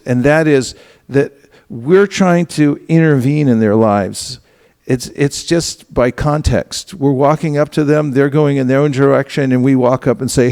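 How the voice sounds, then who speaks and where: Guy with a bit of rasp teaching a group, acts out little convos as he goes. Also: mid-range voice. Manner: lively, acts out dialogue with casual asides. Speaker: seminar teacher. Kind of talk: instructional talk to a group. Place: temple hall.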